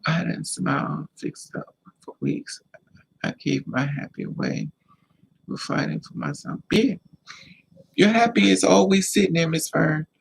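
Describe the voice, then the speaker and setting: A man's voice: a little high, a little slow, gravelly, husky, low-quality recording. A man giving emphatic, repetitive life advice in a casual monologue to camera, sounding like a vlogger.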